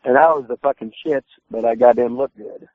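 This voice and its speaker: A man's voice: medium pitch, steady tone, brisk, dry recording. A retired wrestler telling his stories on a podcast, swearing constantly and acting out what was said. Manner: swears constantly, acts out his own quotes loudly. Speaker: retired pro wrestler guest. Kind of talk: profane storytelling on a phone-in podcast. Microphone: phone call. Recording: tinny dry phone line.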